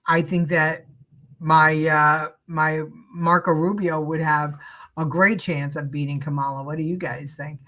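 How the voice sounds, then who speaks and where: A woman's voice: deep voice, level tone, unhurried, a bit bright. A woman hosting a political talk show, chatting casually and reading viewer comments, with lots of fillers and restarts. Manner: chatty, laughs often, many fillers and restarts.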